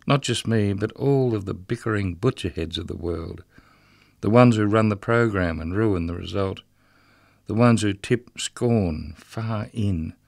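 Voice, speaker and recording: A man's voice: lowish voice, creaky, no echo, studio quality. A man reading a rhythmic dramatic monologue as the ghost of a murdered, drunken prison guard, bitter and mocking. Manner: rhythmic, incantatory delivery.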